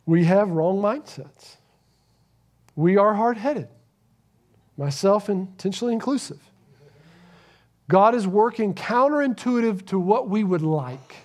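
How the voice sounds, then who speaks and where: High-voiced pastor preaching a sermon. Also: male voice, lively intonation, unhurried, long pauses. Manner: earnest, swings from loud emphasis to hushed near-whisper. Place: church.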